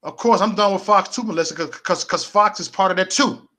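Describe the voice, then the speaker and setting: Bright-voiced man ranting on a livestream. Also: sits high, a little fast. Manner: repetitive, preachy, rallying, answers chat. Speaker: political livestream host. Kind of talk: casual livestream rant.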